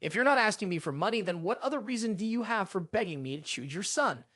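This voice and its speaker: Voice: mid-range voice, expressive, fast, a bit bright, no room sound, studio quality. A narrator reading a sneering arrogant male butler. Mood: mocking. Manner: sarcastic, condescending.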